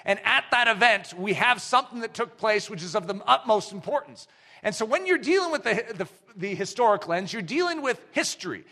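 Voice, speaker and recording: A male pastor preaching a sermon in a church, speaking emphatically and building at times to shouted declarations. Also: high-pitched, lively intonation, a little fast. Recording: long hall reverb.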